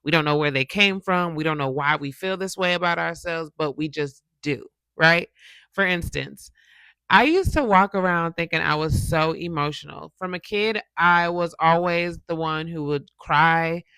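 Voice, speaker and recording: A woman gives a casual motivational talk, chatty and animated, often checking in with her listeners. Her voice is bright and forward, with a gravelly fry underneath. The sound is close and dry, with little room in it. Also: low voice, moderate pace, no room sound. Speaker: motivational YouTuber and podcast host.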